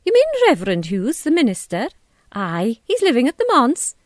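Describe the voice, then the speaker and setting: A woman's voice: high voice, huge pitch swings, moderate pace, no echo, studio quality, pitched above the performer's own voice. A woman putting on a hearty Scottish tea shop lady. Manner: bright, hearty, dialect-rich. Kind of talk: storybook reading.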